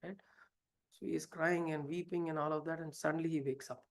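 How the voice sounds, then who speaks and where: Speaking fairly quickly at a medium pitch with fairly even intonation, a spiritual teacher uses a story to teach a scripture passage. He poses many rhetorical questions and sometimes falters, filling gaps and starting over.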